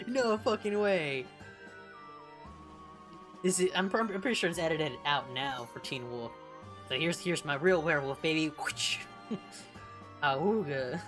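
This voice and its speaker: A young woman from California, a streamer chatting casually while reading along, blunt and profane and quick to laugh. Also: deep voice, a bit bright. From California, United States.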